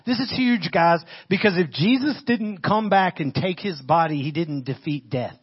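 A man giving a casual, animated sermon, retelling a scripture passage in everyday slang. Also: on the high side, moderate pace, few pauses, husky. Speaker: preacher. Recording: muffled lo-fi audio.

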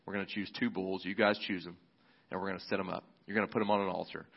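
Male pastor, lowish voice, laid-back sermon retelling, slightly dull recording. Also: fairly even intonation, fast talker, gravelly. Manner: casual, conversational storytelling with fillers.

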